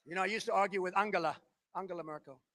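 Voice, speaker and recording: Fast-talking older man giving a rally speech. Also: sits high, a little hiss or hum. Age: 70s. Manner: boastful, rambling, swings between loud declarations and muttered asides. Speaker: politician at a rally.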